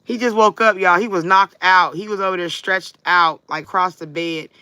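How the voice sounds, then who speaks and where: Woman reader running a live stream: very bright, sharp voice, dry close sound, chatty with viewers. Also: fairly low pitch, fairly even intonation, moderate pace, clean tone, no room sound. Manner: chatty, greets and answers commenters by name. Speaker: tarot reader and livestream host. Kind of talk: casual livestream chat.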